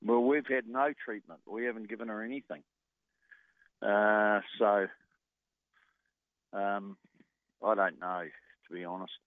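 A man's voice: fairly low pitch, steady tone, a little slow, pauses often, no echo. A man who trains horses, answering a radio interview by phone in short, plain-spoken replies with many fillers. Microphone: telephone. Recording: tinny dry phone line.

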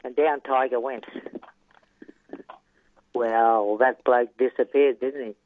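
A man's voice: mid-range voice, steady tone, slow pace, dry recording. An older Australian man's voice comes through a thin, phone-like line, dry and close, with no room sound around it. He spins rambling racetrack yarns, chuckling often and dropping "yeah" between every thought. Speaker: retired horse trainer. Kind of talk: casual storytelling interview.

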